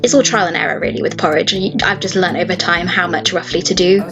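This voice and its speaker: A woman, narrating her morning routine in a relaxed, friendly voice-over with a few ums. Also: lowish voice, fast talker. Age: early 20s. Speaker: vlogger. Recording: voice-over over clear guitar music.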